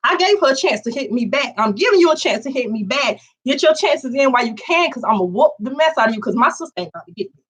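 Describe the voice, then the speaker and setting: A woman's voice: high voice, fast, slightly rough. A woman vlogger telling a story casually, acting out quotes in a raised voice. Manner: animated, acts out quotes in raised voice.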